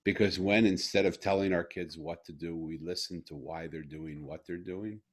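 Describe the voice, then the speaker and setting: Low husky middle-aged man, earnest storyteller in conversation. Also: moderate pace. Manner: earnest, animated when retelling. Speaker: guest.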